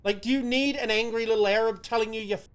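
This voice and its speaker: A man's voice: sits high, fairly even intonation, fast talker, clear, resonant tone. A man co-hosting a podcast, ranting sarcastically and swearing freely in casual banter. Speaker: podcast co-host.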